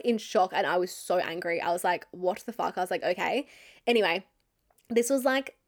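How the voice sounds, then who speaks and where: A young woman, telling a personal story in a candid, casual way, swearing often and filling her talk with "like". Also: mid-range voice.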